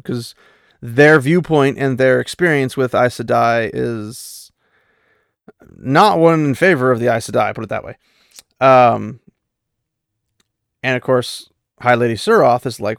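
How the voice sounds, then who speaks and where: A book discussion host recaps and comments on a fantasy novel chapter, rambling casually with many fillers and lightly quoting characters. His gravelly, medium-pitched voice moves at a normal pace, recorded clean in a studio with no room sound.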